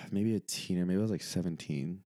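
A man's voice: deep voice, normal speed, a little mellow. A man, hosting a casual podcast chat in a loose, profane, rambling way. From Houston, USA. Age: 20s. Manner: loose, profane, rambling with frequent fillers and laughter. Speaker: podcast host and comedian.

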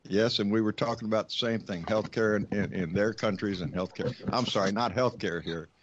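A man's voice: fairly low pitch, a little fast, slight background noise. A man co-hosting a casual political talk show, making blunt, sardonic remarks. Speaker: co-host. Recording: dull lo-fi audio.

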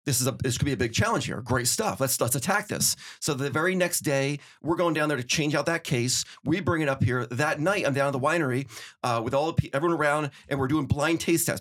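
A middle-aged man telling stories in casual conversation, animated, acting out quotes as he goes. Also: mid-range voice. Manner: fast, animated storytelling with acted-out quotes. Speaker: podcast guest, winery owner.

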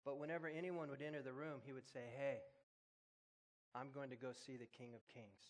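A man's voice: fairly high pitch, fairly quick, pauses often, big-room sound. A man preaching to a church congregation, telling a personal story and then leading an earnest, prayerful altar call. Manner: earnest, prayerful, builds in intensity when moved. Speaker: pastor. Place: church sanctuary.

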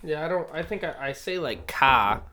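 A young man from Maine co-hosting a podcast, relaxed and teasing, often answering briefly. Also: a little high, a little fast. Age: young adult. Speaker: podcast co-host. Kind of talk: casual chat.

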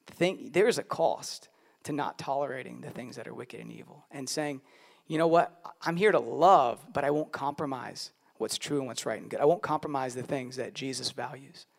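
A man's voice: mid-range voice, moderate pace, vocal fry. A man in his thirties preaching a sermon as pastor, earnest and emphatic, often repeating his key lines.

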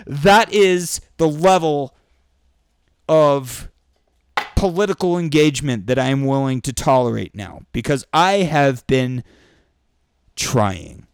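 A man in a profane political rant, angry and sweary, breaking into shouted bursts, recorded indoors. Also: mid-range voice, takes it slowly, long pauses, clear, resonant tone, no echo, studio quality. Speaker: vlogger. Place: indoors during a thunderstorm.

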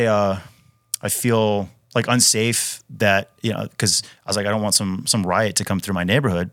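Low and a bit bright, this voice belongs to a retired Navy SEAL in his thirties from Wisconsin, casually telling stories as a podcast guest. He talks emphatically, restarting often, packing in fillers and frequent "dude"s. Studio-quality and dry.

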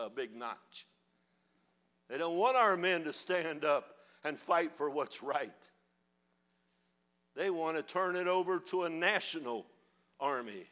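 Older man, fiery sermon, high voice, bright tone. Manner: fiery, preaching with rising shouts. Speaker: pastor.

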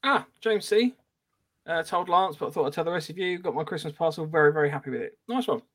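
A man hosts a relaxed podcast, chatting casually with his co-hosts. His voice sits a little higher than most men's. He keeps a laid-back, friendly pace while reading out listener messages. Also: quick pace. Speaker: podcast host.

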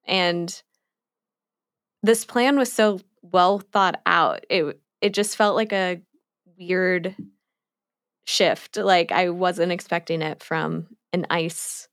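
Slow, chatty woman podcaster. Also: fairly low pitch, dry recording, studio quality. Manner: chatty, many likes, frequent laughs. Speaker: podcast co-host. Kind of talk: casual chat discussing a cartoon episode.

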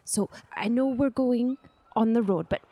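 A woman's voice: fairly high pitch, measured pace, warm tone. A woman with a Welsh accent playing a polite, forgetful traveller looking for a temple. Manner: giggly, keeps forgetting names.

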